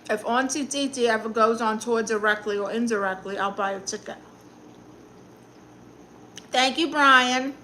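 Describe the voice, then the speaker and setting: A woman's voice: a little high, measured pace, long pauses, bright, forceful tone, a little hiss or hum. A woman with a Brooklyn accent hosting a casual live stream as a comedic aunt, chatting sassily and answering the chat while she eats. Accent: New York, Brooklyn.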